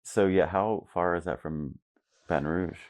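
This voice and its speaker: A woman hosting an interview podcast, gently affirming her guest and asking follow-up questions. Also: extremely low pitch, a little slow. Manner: gentle, affirming listener with frequent backchannels. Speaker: podcast host. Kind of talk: conversational interview.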